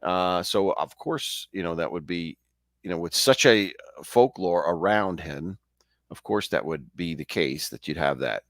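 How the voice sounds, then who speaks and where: Low-voiced male host, lively up-and-down delivery, chatty folklore storyteller, dry close sound. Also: a little slow, no echo. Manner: conversational, chatty, with frequent restarts and asides. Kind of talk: casual ghost-story telling.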